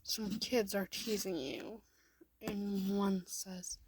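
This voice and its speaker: Woman reading a you-story real slow, husky and half whispered. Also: medium pitch, dry recording. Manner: soft, partly whispered narration. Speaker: fan fiction reader. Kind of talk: second-person storytelling.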